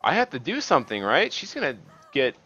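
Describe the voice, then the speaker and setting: A man giving casual, rambling commentary while playing a game, halting and restarting often and swearing at the game now and then. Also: mid-range voice, wildly swooping pitch, sharp tone, breathy edge, highs cut off. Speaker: gaming video host.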